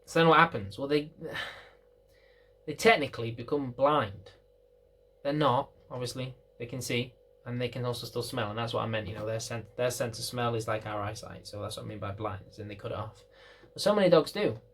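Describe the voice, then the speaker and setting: A man's voice: mid-range voice, normal speed, a bit bright. A man working as a dog trainer, explaining to camera in a chatty way, repeating phrases and acting out little scenes. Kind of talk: casual explainer talk to camera.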